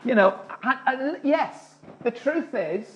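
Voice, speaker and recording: A man's voice: extremely high pitch, animated, takes it slowly. A man preaching a sermon, speaking earnestly and often restarting his words. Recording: dull lo-fi recording.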